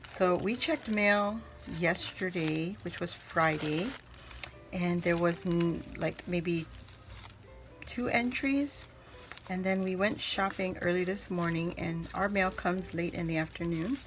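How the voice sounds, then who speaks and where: A middle-aged woman hosting a casual crafting vlog, opening mail at home and gushing over each item, repeating her words when excited. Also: on the low side, slow pace, soft background music. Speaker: crafting channel host.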